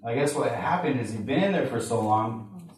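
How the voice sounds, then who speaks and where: A man in a large room tells an audience a personal story, earnest and halting, slipping into the voices of the people he quotes. His voice sits at an ordinary pitch for a man and reaches the mic from a distance. The hall around him is strongly echoey. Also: expressive, a little mellow. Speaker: speaker sharing a personal testimony. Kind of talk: emotional storytelling to a live audience.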